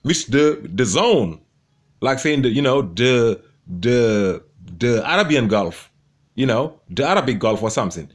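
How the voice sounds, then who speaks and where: A man's voice: medium pitch, sing-song, measured pace. A man commenting on a debate, gloating and mocking his opponent with much repetition. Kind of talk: commentary over debate clips.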